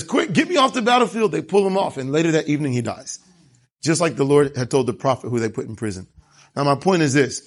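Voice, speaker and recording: A man preaching a sermon, telling the story with animation and asking rhetorical questions. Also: fairly high pitch. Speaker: pastor.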